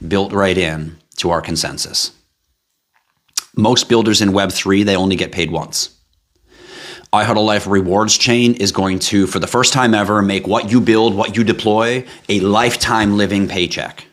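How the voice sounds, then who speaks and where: A man hosting a live stream, giving a hype-driven sales pitch with asides and tangents. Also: a bit bright. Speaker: live stream host pitching a blockchain project.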